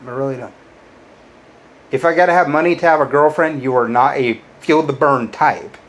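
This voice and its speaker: Combative male YouTuber, mid-range voice, resentful rant, loud jumps and muttered low insults. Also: moderate pace. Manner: bitter, combative, swears a lot. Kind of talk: ranting to-camera monologue.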